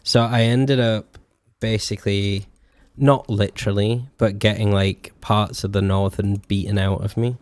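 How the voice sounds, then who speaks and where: A man's voice: lowish voice, little pitch movement, a little slow, darkish tone, no room sound. A young man with a Yorkshire accent, tinged with a Scottish and posh mix, chatting casually on a live stream, rambling and sweary with lots of fillers. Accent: Yorkshire, with a slight Scottish and posh mix. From northern England. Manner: rambling, sweary, laughs often, many fillers. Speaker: VTuber streamer.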